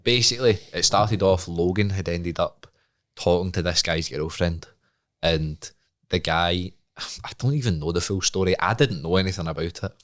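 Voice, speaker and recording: A man's voice: low voice, normal speed. A young Scottish man, a podcast co-host, telling a story in casual chat and acting out the voices of the people in it. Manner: animated, laughing, acts out voices in his stories.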